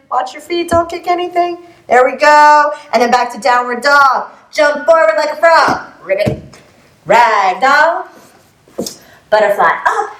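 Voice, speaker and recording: A woman's voice: fairly high pitch, fairly bright tone, echoey room. A woman teaching a family yoga class, upbeat and playful, making animal sounds as she guides poses.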